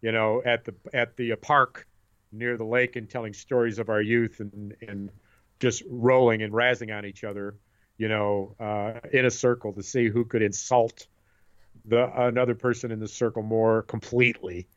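A man's voice: fairly low pitch, little pitch movement, normal speed, dull audio. A middle-aged man in casual chat, telling rambling stories and repeating his words as he goes.

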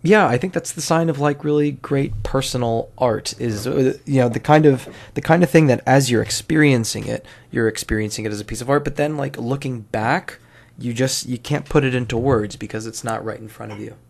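A man with a gravelly, creaky voice at a middling pitch talks through an old film as it plays. He rambles, restarts his sentences and swears offhand in a loose commentary. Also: a little fast. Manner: rambling, self-correcting, swears casually. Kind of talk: casual watch-along movie commentary.

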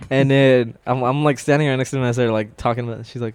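A man telling stories in easygoing conversation, rambling and laughing often as he goes. He swears freely, and his voice sits at an ordinary middle pitch. The sound is dry and close, with no room around it. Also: steady tone, a little fast, few pauses, smooth, no echo. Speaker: warehouse worker telling stories. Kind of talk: casual chat.

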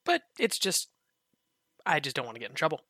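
Lively bright-voiced young man. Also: fairly high pitch, brisk, no echo, studio quality. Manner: cautious, agreeable, lots of mm-hmms. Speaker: podcast co-host. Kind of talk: casual chat.

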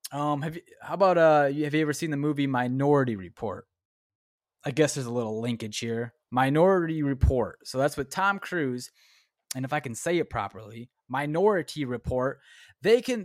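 A man's voice: mid-range voice, dry recording, clean studio sound. A man hosting a solo podcast, thinking aloud in a rambling, profane way and reading search results aloud. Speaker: podcast host. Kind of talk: casual solo podcast talk.

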